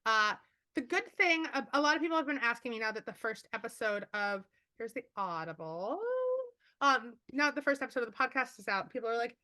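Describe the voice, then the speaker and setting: A woman author on a video call, telling stories quickly and animatedly with lots of fillers. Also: a little high. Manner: fast, animated storytelling with many fillers. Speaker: author guest. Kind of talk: casual chat.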